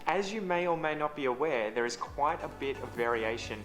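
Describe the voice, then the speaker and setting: Upbeat Australian teacher, roomy sound. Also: male voice, fairly high pitch, animated, brisk, music in the background. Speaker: English teacher, video host. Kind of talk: scripted online lesson. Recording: roomy echo.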